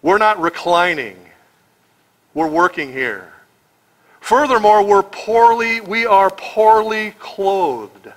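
An American man preaching as pastor gives a verse-by-verse expository sermon, emphatic and sarcastic and full of rhetorical questions. He has a high voice with lively intonation and a slow pace. It's a low-quality recording.

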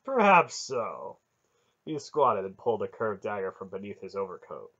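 Low-voiced man reading a novel. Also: brisk, dull audio. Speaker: audiobook reader. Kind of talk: reading a fantasy novel aloud.

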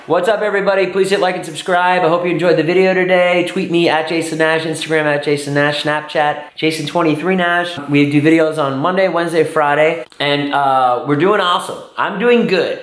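A man's voice: on the high side, brisk, hardly any pauses, fairly bright tone. A man hosting his vlog and giving an upbeat, self-mocking outro. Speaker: vlog host. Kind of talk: outro promo. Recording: roomy, faint noise.

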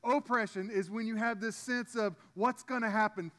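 A man's voice: high-pitched, steady tone, moderate pace, fairly bright tone. A man preaching a sermon as pastor, in a conversational way with frequent restarts and asides to the congregation.

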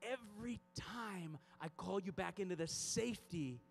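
A man voicing God as a patient, fatherly male figure, speaking in a hushed, tender tone during a youth talk. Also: sits high, moderate pace, creaky, long reverb tail, a little hiss or hum, pitched above the performer's own voice. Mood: pleading.

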